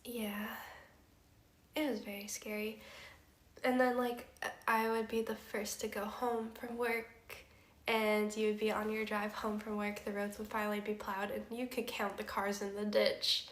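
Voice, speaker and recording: A young woman tells a casual story on stream, laughing easily and leaning on fillers. Her voice sits at a middle pitch. The room around her has a roomy echo. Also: flat delivery, unhurried. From Canada. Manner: chatty, laughs often, filler-heavy. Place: house room.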